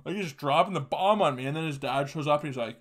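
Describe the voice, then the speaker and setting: A man's voice: fairly high pitch, fast talker, a little hiss or hum. A man hosting a solo podcast, ranting casually and crudely with lots of swearing and laughing asides. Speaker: podcast host.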